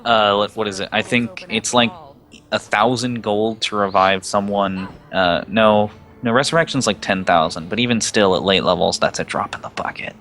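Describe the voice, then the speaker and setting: A man's voice: on the low side, steady tone, moderate pace, fairly bright tone, soft background music. A man chatting casually over a game stream, musing aloud with lots of fillers. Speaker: livestream co-player. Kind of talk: casual chat over gameplay.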